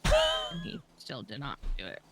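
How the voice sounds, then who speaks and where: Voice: mid-range voice, huge pitch swings, moderate pace, over music. A speaker in casual role-play chat, matter-of-fact and explaining.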